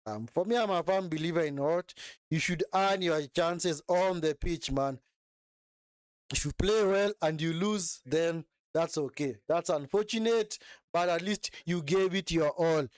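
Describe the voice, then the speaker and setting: High-voiced man ranting at a football match. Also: unhurried, clean tone, no echo, clean studio sound. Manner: mocking, scolding, ranting at players; mimics players in whiny put-on voices. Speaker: watch-along football host. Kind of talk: live match watch-along commentary.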